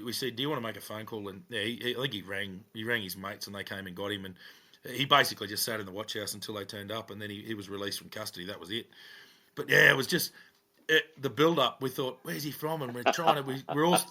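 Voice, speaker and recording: Bright-voiced man telling stories. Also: medium pitch, fast. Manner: lively anecdote telling, bursts of shouting and laughter. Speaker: podcast co-host, police officer. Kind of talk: casual storytelling chat.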